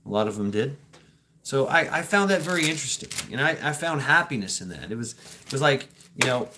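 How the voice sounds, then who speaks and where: A man's voice: medium pitch, big pitch swings, a little fast, sharp tone, slight background noise. A man hosting a casual livestream, musing aloud in a rambling way, often repeating his words and laughing between thoughts. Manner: reflective, joking, swears casually. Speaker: livestream host reading chat comments.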